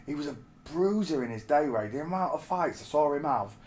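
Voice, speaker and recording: This streamer, an Englishman in his forties, rambles through stories in casual conversation and keeps calling the listener mate. He speaks a little fast with a fairly high pitch, lively intonation, and a darkish tone, over slight background noise.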